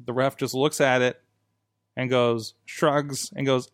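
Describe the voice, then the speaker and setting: A male podcast host in a studio, telling match stories in a casual, animated way and laughing as he goes. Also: medium pitch, takes it slowly, no room sound. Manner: animated storyteller, laughs while recounting. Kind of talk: casual chat.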